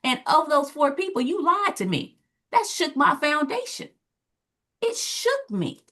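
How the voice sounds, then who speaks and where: A woman in her forties from the American South, a former teacher and parent, telling stories on a talk show and acting out the quotes. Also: measured pace. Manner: animated storyteller, acts out quotes with big pitch jumps. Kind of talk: storytelling in a talk show discussion.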